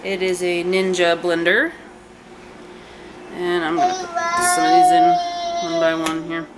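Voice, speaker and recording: Unhurried and animated, a woman with a lowish voice talks casually through her home cooking video in the kitchen, rambling with fillers and side comments. She's the home cook hosting the channel, and the footage has noticeable background noise.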